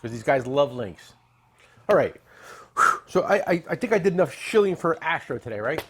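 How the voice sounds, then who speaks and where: A middle-aged man hosting a tool show, chatting casually and joking as he pitches products and tells stories. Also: expressive, moderate pace, a little hiss or hum. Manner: joking, rambling, salesy with asides. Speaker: tool dealer and show host. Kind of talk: casual product talk and storytelling.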